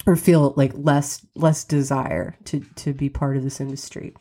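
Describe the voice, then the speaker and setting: Low, mellow-voiced woman with a cold. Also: steady tone, unhurried, few pauses. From West Virginia. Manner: candid, reflective, wry laughs. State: has a cold, occasional cough. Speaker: podcast host. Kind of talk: personal storytelling monologue.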